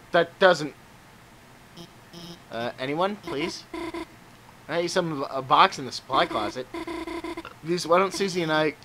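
A man's voice: fairly high pitch, fairly bright tone, a little hiss or hum. A man giving casual let's-play commentary, joking, swearing and talking to the game's characters. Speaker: let's player. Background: game music.

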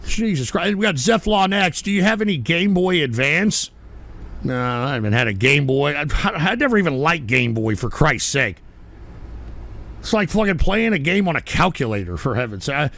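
High, ranting, profane male streamer. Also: sing-song, moderate pace, vocal fry, a bit bright. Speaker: livestream host. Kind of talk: casual live-show commentary.

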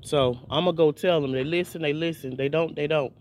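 A man with a notably high voice delivers an informal video sermon. He preaches fervently, circling back on his words and repeating phrases for emphasis. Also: fairly even intonation, fairly quick, background noise. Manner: fervent, repetitive, many restarts.

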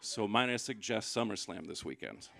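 A man performing a live stand-up set, sarcastic and building into loud mocking rants. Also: fairly low pitch, lively intonation, moderate pace, vocal fry, a faint crowd. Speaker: stand-up comedian. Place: live comedy venue.

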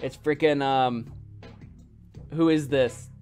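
A man's voice: mid-range voice, steady tone, takes it slowly, darkish tone, faint music behind. A man casually narrating his own gameplay, rambling and joking at himself. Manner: rambling, self-mocking. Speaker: gaming video host. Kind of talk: let's-play commentary.

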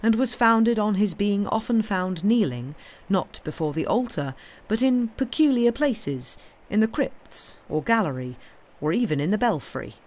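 A woman reading a classic short story aloud in a measured storytelling manner, lifting her voice for the characters' speech. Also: mid-range voice, big pitch swings, darkish tone. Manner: measured storytelling, voicing characters' lines with raised, livelier delivery. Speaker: audiobook reader. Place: home streaming setup.

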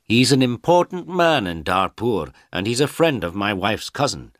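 A man's voice: on the low side, big pitch swings, moderate pace, no room sound, studio quality, voice pushed up. A man voicing a helpful male village school teacher in a kind way.

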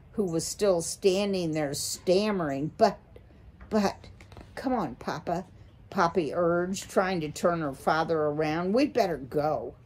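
A woman reading a children's novel aloud slowly and carefully. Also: on the low side. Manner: slow, careful read-aloud. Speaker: storybook reader.

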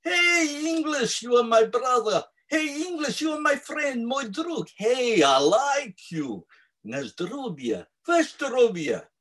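A man voicing a drunk, tearful Russian man at a bar who pleads and offers drinks in a high, emotional voice. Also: big pitch swings, takes it slowly, fairly bright tone, recorded from a distance, heavily acted. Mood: drunken pleading.

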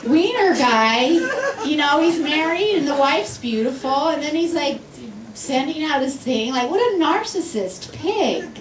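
A woman's voice: sits high, big pitch swings, unhurried. Sarcastic woman doing stand-up, crowd laughing. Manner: irritated, sarcastic, playful. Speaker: stand-up comic. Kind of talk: stand-up comedy set. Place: comedy club stage. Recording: roomy club sound from far off, loud laughing crowd.

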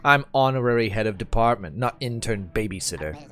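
A man's voice: lowish voice, expressive, a little fast, a bit bright. A man voicing an arrogant, narcissistic demon department head with a New York accent who talks down in a haughty, impatient way.

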